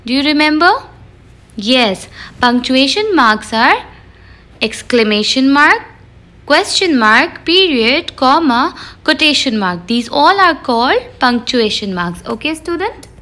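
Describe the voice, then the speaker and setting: A woman teacher with a high voice talks through a grammar lesson. She asks the class questions and gives examples as she explains. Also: very animated, takes it slowly, sharp tone.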